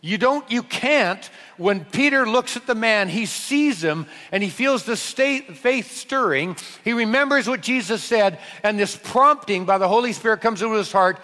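A man preaching a sermon in an animated, emphatic way, slowing down to stress key phrases. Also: high voice. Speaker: pastor. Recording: reverberant hall.

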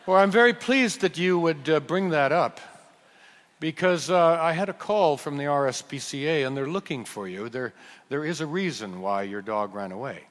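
A man voicing a chatty British man talking about the weather, in a low, quiet put-on British accent. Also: expressive, moderate pace. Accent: attempted British. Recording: reverberant hall.

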